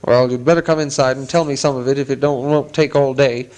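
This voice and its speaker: A man reading a storybook aloud, voicing a huge, gruff, bearded male hermit who growls his words. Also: medium pitch, steady tone, a little fast, a little mellow, lightly acted, rough recording.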